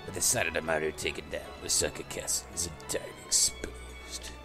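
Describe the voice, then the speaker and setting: A man's voice: extremely low pitch, huge pitch swings, brisk, music in the background, pitched below the performer's own voice, heavily acted. A man voicing a bitter, vengeful samurai retainer, reading game dialogue with mounting, exaggerated anger. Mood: grim. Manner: seething, rising into exaggerated anger.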